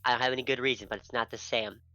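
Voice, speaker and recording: A man's voice: mid-range voice, steady tone, very fast, bright, forceful tone, dry recording, poor audio. A man chatting casually as a player, describing his character in a rambling, self-mocking way. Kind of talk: casual chat about a tabletop game.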